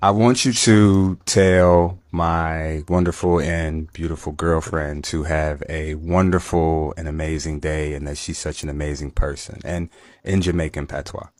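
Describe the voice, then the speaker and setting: Male interviewer, very low voice, dry recording, effusive and friendly. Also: fairly even intonation, unhurried, a little mellow, no room sound. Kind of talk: casual interview.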